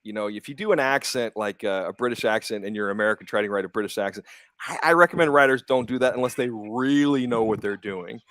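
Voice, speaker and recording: A man's voice: lowish voice, fast talker, a bit bright, no room sound. A man, a comics writer and publisher, talking candidly in a casual interview with frequent restarts and some swearing. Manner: candid, profane, stumbling restarts.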